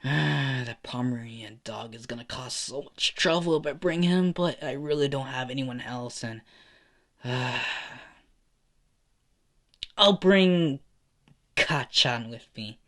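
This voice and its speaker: A man voicing a mild teenage boy in an amateur fan story, hesitant and halting in speech. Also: medium pitch, fairly bright tone.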